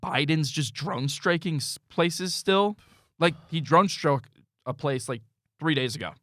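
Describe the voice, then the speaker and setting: Guy ranting on a podcast, all over the place pitch-wise, yells then mutters, dry mic. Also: expressive, a little slow, dry recording. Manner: ranting, swings from loud yelling to low mutters. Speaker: podcast co-host. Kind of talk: casual chat.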